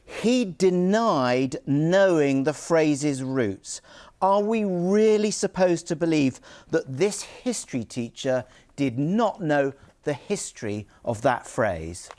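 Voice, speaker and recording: Higher-voiced male news presenter, pressing. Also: animated, slow pace, a little mellow. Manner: pressing, interrupting questions. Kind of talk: studio news interview.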